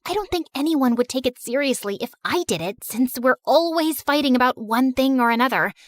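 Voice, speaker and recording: A pushy popular teenage girl from an animated story, rattling off her plan with quick persuasion, voiced by a woman. Her voice is fairly high and animated. The sound is dry. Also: no echo. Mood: scheming.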